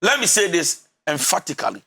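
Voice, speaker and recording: High, bright-voiced Ghanaian counselor. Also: male voice, wildly swooping pitch, brisk, creaky, husky. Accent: Ghanaian English. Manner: emphatic, preachy, switching into Twi and half-singing. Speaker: relationship counselor. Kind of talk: advice talk show.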